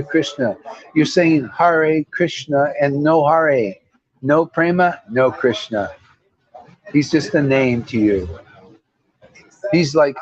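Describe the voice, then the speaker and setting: A man's voice: fairly high pitch, lo-fi sound. A man giving an informal devotional talk as a spiritual teacher, blunt, preachy and full of slang.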